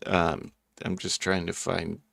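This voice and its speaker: Slow gravelly man, laid-back streamer. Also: deep voice, completely flat delivery, a bit bright, dry recording. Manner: laid-back, laughs often. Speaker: streamer hosting an open panel. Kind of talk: casual chat.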